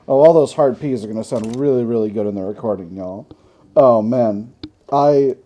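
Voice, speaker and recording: A man's voice: medium pitch, measured pace, mellow. A man hosting a gaming channel, chatting through a strategy game, thinking aloud with wry self-mocking asides.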